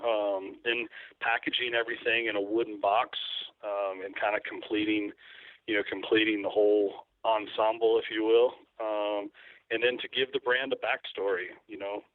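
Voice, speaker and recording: A man's voice: lowish voice, little pitch movement, normal speed, no echo. A man with a Kentucky accent, a guest describing his work in an easygoing, rambling way. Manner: easygoing, rambling with frequent ums. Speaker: guest, turkey call maker. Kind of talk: casual interview talk. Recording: tinny dry phone line.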